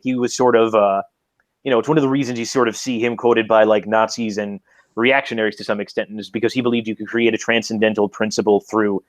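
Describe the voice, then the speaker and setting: A man's voice: fairly low pitch, dry recording. A man who is a guest on an online debate show, talking in a hesitant, searching way with many fillers. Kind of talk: casual debate chat.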